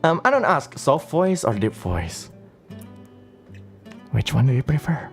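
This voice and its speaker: Young man, streamer doing a playful Q&A, unhurried, soft guitar music behind. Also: gravelly. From Indonesia. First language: Indonesian. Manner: playful, teasing, often jumps into a high excited voice. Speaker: streamer answering viewer questions. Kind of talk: casual chat. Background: faint guitar music.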